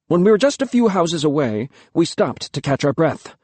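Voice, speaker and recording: A man's voice: on the high side, very animated, moderate pace, darkish tone, husky, no echo. A man narrating an audiobook in the first person, telling the story expressively and without hurry.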